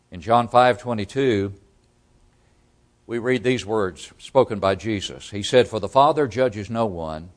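A male preacher delivering a sermon in an emphatic pulpit style. He leans hard on key words, then drops to a low, quiet close. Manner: emphatic, swings between loud stress and quiet drops.

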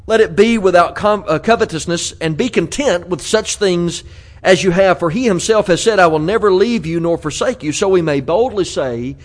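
A man preaching a conversational sermon in a church, earnest, with frequent restarts and repeated words. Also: sits high. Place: church auditorium.

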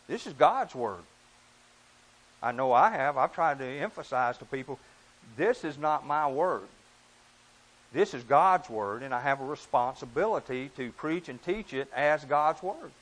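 Man, preacher, sermon, earnest, emphatic, mid-pitched voice. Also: fairly bright tone, rough recording. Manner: earnest, emphatic, rises and drops in pitch and volume.

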